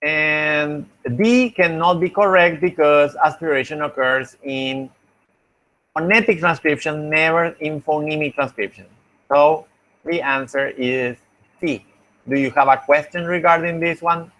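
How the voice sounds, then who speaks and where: A man's voice: a little high, fairly even intonation, measured pace, sharp tone. A young man teaching a linguistics class, patiently going over exam answers and thinking aloud as he explains. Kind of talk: online class feedback lecture.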